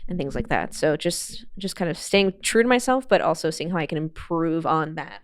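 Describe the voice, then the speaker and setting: Young woman guest, fast and chatty, slightly low voice, laughs easily. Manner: chatty, laughs often, lots of "like". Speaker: guest, motorsport streamer. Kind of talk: casual interview chat.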